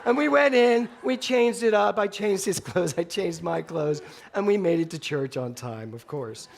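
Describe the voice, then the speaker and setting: A male minister giving a Sunday talk in a spiritual center, telling an animated story with bursts of laughter. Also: sits high, normal speed, creaky, a little hiss or hum. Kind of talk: sermon storytelling.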